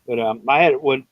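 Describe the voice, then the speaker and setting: An older man joining a live stream by call, joking and asking others to speak slowly. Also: medium pitch, no echo. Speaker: stream guest. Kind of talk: casual live stream chat. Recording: dry muffled call audio.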